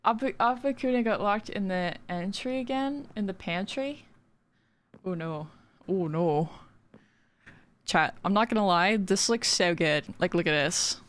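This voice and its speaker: A woman's voice: mid-range voice, a little slow, fairly bright tone, no room sound. A woman streamer chatting casually while building in a game, giggly and full of fillers. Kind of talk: casual gaming stream chat.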